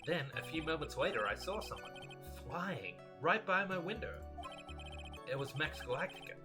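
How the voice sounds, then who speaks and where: A man playing a timid young acrobat giving testimony, soft-spoken and earnest in a slightly raised voice. Loud game music sits behind him. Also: a little high, sing-song, moderate pace, pitched above the performer's own voice.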